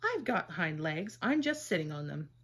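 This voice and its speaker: A woman's voice: on the low side, sing-song, normal speed, husky, voice pushed down, full character voice. A woman voicing a timid little male toy rabbit in a storybook read-aloud, speaking earnestly and pleadingly in a raised voice. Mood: insistent.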